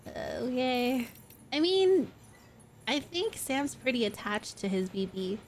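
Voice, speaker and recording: A woman live-streams a game, reading its text aloud and cutting in with casual remarks and laughs. Her voice sits slightly high. A faint background hum sits under the recording. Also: very animated, slow pace.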